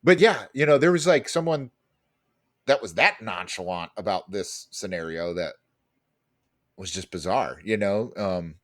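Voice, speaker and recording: Lively, animated man telling a story. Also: lowish voice, unhurried. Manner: animated storytelling, heavy fillers and swearing. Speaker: podcast co-host. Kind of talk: casual chat.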